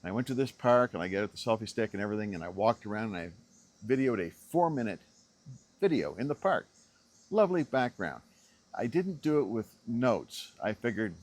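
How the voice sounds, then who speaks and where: Filming himself outdoors on a selfie stick, a middle-aged creator gives unscripted motivational vlog talk at a moderate pace. He's expressive and emphatic, repeating key phrases, with his pitch rising on the words he stresses.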